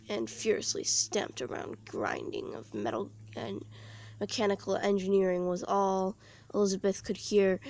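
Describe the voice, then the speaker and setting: A woman reading her own storybook aloud, slowly and carefully, with small slips. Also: medium pitch.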